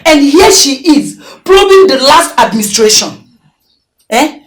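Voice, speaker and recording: An actress playing a scornful, scheming wife urging bribery, speaking with a Nigerian accent. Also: female voice, high-pitched, sing-song, a little slow. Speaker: politician's wife.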